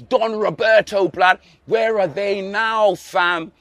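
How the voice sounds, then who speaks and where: High-voiced man ranting. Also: fairly even intonation, slow, fairly bright tone, dry recording. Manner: heavy street slang, mocking. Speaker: comedic fan ranting. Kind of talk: comic rant.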